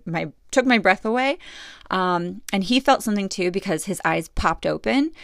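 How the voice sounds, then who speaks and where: A middle-aged woman telling a personal story in an earnest, reflective way, with many fillers and pauses. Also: fairly low pitch, no echo, studio quality. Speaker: podcast host.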